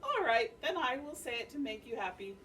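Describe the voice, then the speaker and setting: A woman voicing a calm, clever little deer. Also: high voice, fairly quick, slight background noise, pitched above the performer's own voice. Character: calm clever female bush deer, unfazed. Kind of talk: read-aloud storybook voice. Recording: distant mic, faint classroom ambience.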